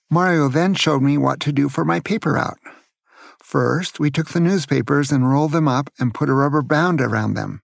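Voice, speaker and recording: An older man from California, a grandfather telling children about his youth in a gentle way and asking them questions. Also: on the high side, normal speed, creaky, no room sound, clean studio sound. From Santa Cruz, California. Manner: gentle, asks the listener questions. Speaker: grandfather storyteller. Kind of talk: storytelling to children.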